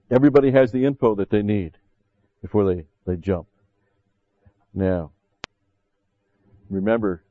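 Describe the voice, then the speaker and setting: Low-voiced preacher, dull dry recording. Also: male voice, no room sound. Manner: conversational preaching with frequent "see" and asides. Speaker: pastor. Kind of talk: sermon.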